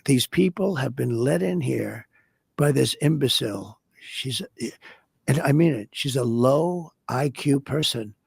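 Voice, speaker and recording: A man's voice: medium pitch, lively intonation, unhurried, vocal fry, husky, no echo. An older man speaking as a podcast interview guest, blunt and boastful, repeating his points.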